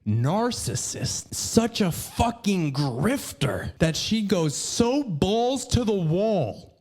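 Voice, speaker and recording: Brief: young male podcast host, profane rant, high pitched, animated. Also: slow. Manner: profane, ranting, scattered. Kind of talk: casual ranting commentary.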